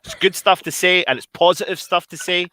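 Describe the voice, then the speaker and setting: A man from Scotland, a guest on a fan livestream, chatting casually and warmly with many repeated words and restarts. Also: sits high, steady tone, quick pace, no room sound. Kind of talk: casual chat.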